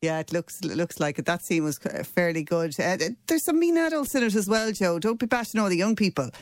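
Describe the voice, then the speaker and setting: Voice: mid-range voice, big pitch swings, a little fast, no echo. A panelist chats on a radio show in a mid-range voice, easygoing and teasing. The sound is dry and close to the microphone. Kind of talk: casual radio chat.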